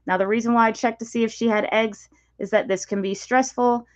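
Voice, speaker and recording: A woman breeder hosting a casual live stream, gently explaining and demonstrating with many ums. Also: on the high side, steady tone, brisk. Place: indoor reptile room with enclosures.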